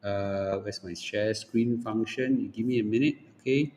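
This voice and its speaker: A man's voice: lowish voice, normal speed, hardly any pauses, a little mellow, slight background noise. A man with a Singaporean accent giving an opinionated livestream talk, blunt and lecturing, often checking in with "okay?" and "ah". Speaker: livestream host. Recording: echoey room with long reverb.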